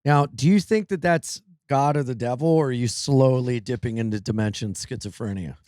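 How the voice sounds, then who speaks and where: A man hosting a podcast in casual chat, relaxed and mostly asking short questions. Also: mid-range voice, normal speed, dry recording, studio quality. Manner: chill, asks short questions. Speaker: podcast host.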